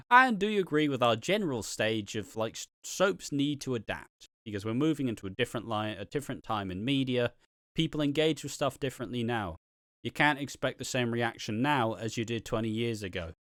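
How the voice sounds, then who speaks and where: A man co-hosting a podcast, giving an animated, opinionated rant with plenty of swearing. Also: medium pitch, brisk, dry recording, studio quality. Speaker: podcast co-host.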